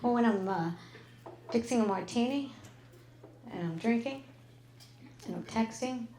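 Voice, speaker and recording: A middle-aged woman on a comedy club stage, delivering a brash, crude stand-up set with deadpan timing. Her voice sits a little high and rings out through the roomy club sound of a handheld stage mic. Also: measured pace.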